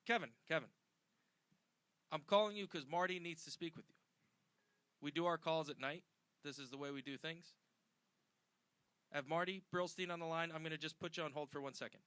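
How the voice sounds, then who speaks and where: A man's voice: fairly high pitch, fairly quick, pauses often, fairly bright tone, clean tone, no echo, lightly acted. A man putting on the voice of a slick young male agent's assistant during a prank call, with placating office patter. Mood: smooth.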